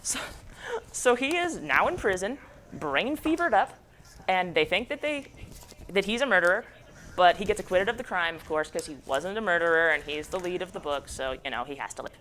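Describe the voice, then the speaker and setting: A woman's voice: fairly low pitch, expressive, normal speed, fairly bright tone, a little hiss or hum. A young adult woman giving a jokey, slangy, casual book summary as a book club presenter.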